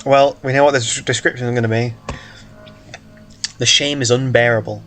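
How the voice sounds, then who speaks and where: A man's voice: medium pitch, steady tone, brisk, a bit bright, faint music behind. Man reading a story with joking asides. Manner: joking, self-interrupting, stumbles and hiccups. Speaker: reader of a story game. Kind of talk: casual read-aloud with asides.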